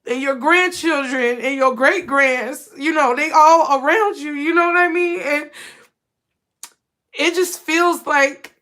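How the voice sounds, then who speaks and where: A woman's voice: high voice, takes it slowly, a bit bright. A young woman giving a casual, emotional spiritual reading straight to her viewers, often repeating herself and calling them y'all. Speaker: tarot reader.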